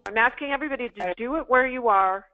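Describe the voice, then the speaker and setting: On a tinny, phone-like line, a woman with a slightly high voice and a quick pace leads an interactive online sales class. She's a sales trainer coaching callers with emphatic drills and practice phrases she repeats.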